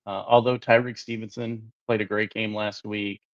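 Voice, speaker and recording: A man co-hosting a sports talk show, relaxed and rambling, peppering his speech with fillers. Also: on the low side, normal speed, no echo, highs cut off. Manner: relaxed, lots of "uh" and "you know". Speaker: podcast co-host.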